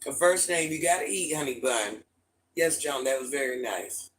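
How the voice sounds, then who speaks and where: A middle-aged man hosting a casual livestream, telling stories and answering his chat in a lively, repetitive way. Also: mid-range voice, normal speed, slight background noise, poor audio. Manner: repetitive, animated storytelling, often restarts phrases. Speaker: livestream host talking to chat viewers.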